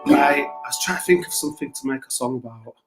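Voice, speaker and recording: A man's voice: medium pitch, fast talker, over loud music. A man, a guest musician chatting in a rambling, self-mocking, hesitant way. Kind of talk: casual chat.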